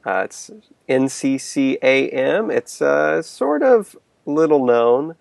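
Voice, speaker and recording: A man co-hosting a podcast, speaking casually and filling pauses with many "uh"s. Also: mid-range voice, expressive, gravelly, a little mellow, dry recording. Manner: many "uh" fillers, easygoing. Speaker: podcast co-host.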